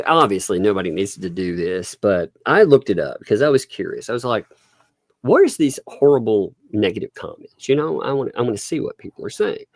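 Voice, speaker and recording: A man's voice: on the low side, very animated, brisk, dry recording, studio quality. A man hosting a casual livestream commentary, chatty and laughing often as he talks. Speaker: livestream host.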